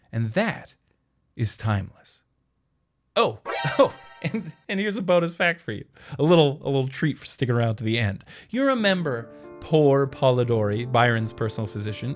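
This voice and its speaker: A man narrates a history video essay in an enthusiastic, chatty and playful manner. His pitch sits in the middle but swings widely. Guitar music plays clearly behind him.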